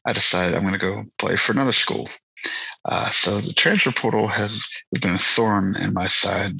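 A man with a low, gravelly and husky voice, co-hosting a casual sports podcast. He rambles, restarts his sentences and laughs easily. His tone is bright, and the sound is dry and close. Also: no echo, poor audio. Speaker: podcast co-host.

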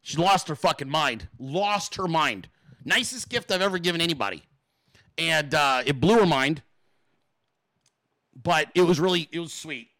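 A man hosting a live show, ranting without a script to his chat, swearing constantly and acting out quotes in exaggerated high voices. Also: normal speed, long pauses, bright, forceful tone, no room sound, clean studio sound. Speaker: livestream host. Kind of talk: profane unscripted rant to a live chat.

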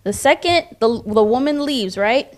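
A woman's voice: high voice, expressive, normal speed. A woman in a casual discussion, telling her story with animation and acting out the voices of the people in it.

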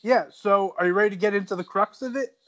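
Male podcast co-host, slightly high voice, quick interjections. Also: fairly bright tone, lo-fi sound. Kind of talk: casual chat.

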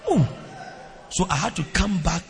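A man preaching a sermon as a pastor, telling stories to his congregation with lively, exclamation-filled delivery in a church hall. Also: sits high, a little slow. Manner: animated storytelling preaching with repeated exclamations. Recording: long reverb of a large hall.

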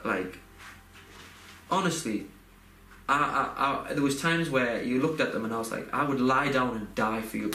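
Sharp in tone and mid-range in pitch, a young man speaks at normal speed as he tells a personal story on a casual podcast. His telling is heartfelt and rambling, with plenty of fillers and restarts, and there's a roomy echo plus faint background noise.

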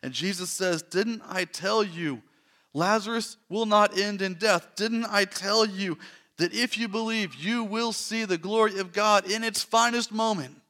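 A man preaching a sermon, earnest, dropping to soft hushed lines and rising to loud emphatic repetition. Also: sits high, a little slow. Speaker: pastor.

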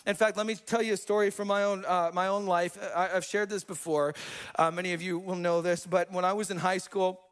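High-voiced, lively male pastor. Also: brisk. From US Pacific Northwest. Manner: energetic, conversational, jokey asides to the congregation. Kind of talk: sermon with personal storytelling.

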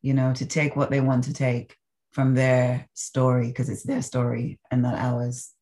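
A woman from the Caribbean, a podcast guest telling stories in an animated, expressive way. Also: very deep voice, measured pace. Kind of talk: storytelling in a conversational interview.

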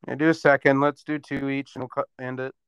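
A man's voice: mid-range voice, level tone, fast talker, a bit bright, smooth, no echo. A man co-hosting a podcast in casual chat, jokey and teasing. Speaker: podcast co-host.

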